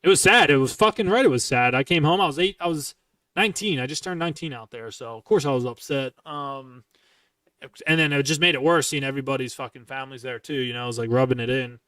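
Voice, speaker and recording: A man's voice: mid-range voice, fast talker, a bit bright, dry recording. A man in his twenties hosting a podcast, telling a long story in casual, heavily profane, rambling chat. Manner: profane, heated, rambling retelling. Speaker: podcast host. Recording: dry, somewhat distant from the mic.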